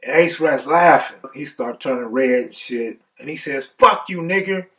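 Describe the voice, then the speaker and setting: A man's voice: mid-range voice, normal speed, far from the mic. A man casually telling a personal story in profane, laid-back street talk.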